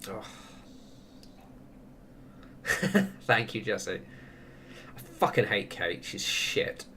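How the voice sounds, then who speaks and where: A man's voice: lowish voice, sing-song, extremely slow, pushed and bright, slight background noise. A man chatting casually while streaming a game, rambling through opinionated tangents and laughing often. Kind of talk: casual chat while gaming.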